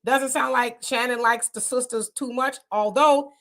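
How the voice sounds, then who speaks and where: Bright-voiced woman hosting a chatty live stream. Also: fairly high pitch, steady tone, a little slow. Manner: chatty, opinionated, laughs often. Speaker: livestream host. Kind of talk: casual live commentary.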